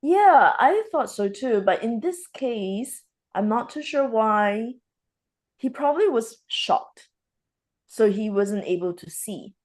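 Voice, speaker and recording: A woman's voice: on the high side, expressive, slow, a little mellow. A woman hosting a casual talk show, retelling experiences and acting out the dialogue as she goes. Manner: acts out dialogue while retelling stories. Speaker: spiritual show host. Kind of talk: casual conversation, storytelling.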